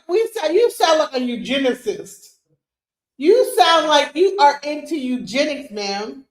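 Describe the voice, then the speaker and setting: Woman, middle-aged, high voice, heated profane rant, streamer commentary. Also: big pitch swings, a little slow. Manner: heated, profane, rhetorical questions. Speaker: streamer host. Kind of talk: livestream commentary reacting to a clip. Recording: roomy echo.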